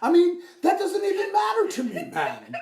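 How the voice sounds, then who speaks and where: A man's voice: very high-pitched, wildly swooping pitch, normal speed, darkish tone, voice pushed up, exaggerated voice. A man doing a laughing impression of an easygoing man who refuses to judge, ending his phrases with "man" and drawling through them. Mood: laid-back. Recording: roomy, distant mic.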